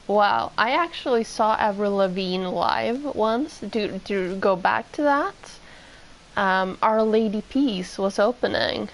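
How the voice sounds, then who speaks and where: Swedish woman streamer, unhurried meandering chat, slight background hiss. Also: medium pitch, poor audio. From Sweden. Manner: rambling, meandering, with many fillers. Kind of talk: casual chat while gaming.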